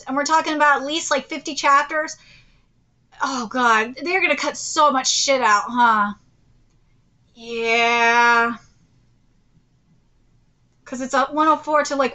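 Woman ranting about anime, high pitched voice, pleading n swearing a lot. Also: pushed and bright. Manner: exasperated, pleading, swears freely. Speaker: anime commentary channel host. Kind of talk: casual anime commentary.

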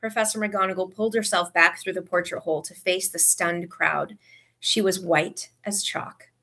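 A woman reading a story aloud with expressive narration. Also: on the low side, moderate pace. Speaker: audiobook reader.

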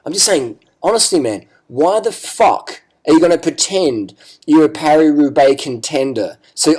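A man's voice: fairly high pitch, expressive, a little slow, darkish tone. A man giving ranting vlog commentary, profane, sarcastic and combative. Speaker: cycling vlogger.

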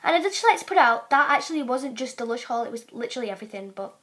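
A chatty English woman hosts a casual video and keeps breaking into giggles. Her voice sits notably high and playful. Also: animated, rapid-fire, fairly bright tone. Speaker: channel host. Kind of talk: casual chat with a friend.

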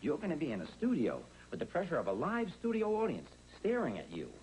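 A man's voice: on the high side, wildly swooping pitch, quick pace. An actor playing a level-headed middle-aged man in a studio sitcom, soothing and dryly joking. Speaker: sitcom lead, a calming friend. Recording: loud studio audience laughter and noise.

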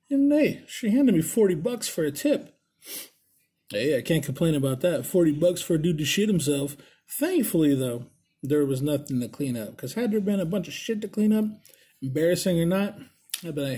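A man vlogging in a casual, profane storytelling voice, animated and crude, jumping into high voices when he quotes people. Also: a little fast, breathy edge. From Puerto Rican family. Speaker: vlogger telling stories. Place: Las Vegas.

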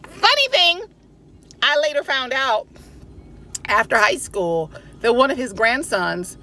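A woman's voice: fairly high pitch, lively intonation, measured pace, fairly bright tone. A woman chatting playfully in a casual vlog, often laughing, from her car. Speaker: vlogger. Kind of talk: casual chat.

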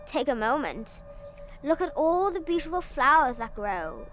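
A woman voicing a sly, hungry male wolf who coaxes slowly and silkily in a storybook telling. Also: high voice, sing-song, a bit bright, voice pushed up, full character voice. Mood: coaxing. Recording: music playing behind.

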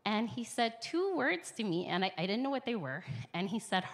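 A woman's voice: on the high side, very animated, moderate pace, hardly any pauses, a bit bright. A woman giving an earnest, emotional personal testimony at the front of a church, rambling at times and speeding up in bursts. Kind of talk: personal testimony before a congregation. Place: church sanctuary, speaking at the front.

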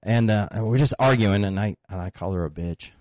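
A man's voice: fairly low pitch, fairly quick, a little mellow, no echo. A middle-aged man in his fifties, a podcast guest and father of one of the hosts, telling crude family stories and laughing through them. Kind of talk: casual podcast storytelling.

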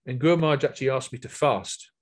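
A middle-aged man recalls the past in an earnest, rambling way. He often restarts his sentences and repeats words. His voice sits in an ordinary middle pitch. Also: racing. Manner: earnest, many restarts and repetitions. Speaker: guest speaker. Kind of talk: reminiscing talk.

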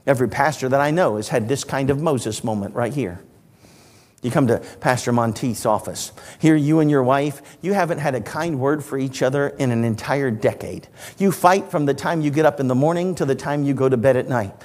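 A man in his sixties, an evangelist preaching a sermon in a church auditorium, telling stories with animated delivery and dry humor. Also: medium pitch, a little fast, long reverb tail. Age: 60s.

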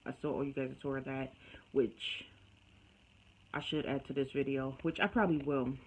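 A woman's voice: rumbling low, fairly even intonation, moderate pace, darkish tone, a little hiss or hum, low-quality recording. A woman vlogger chatting casually to her phone camera in a home kitchen, rambling and calling her viewers y'all.

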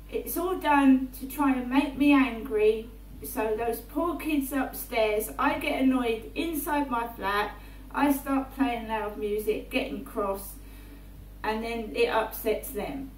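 A woman, rambling through a personal monologue in her flat and often checking in with "right?". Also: on the high side. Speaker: vlogger. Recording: roomy, distant mic, faint hum.

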